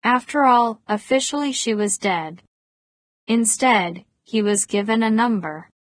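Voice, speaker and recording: A woman narrating a novel as an audiobook in a measured, even reading voice. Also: fairly high pitch, no room sound. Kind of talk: scripted narration.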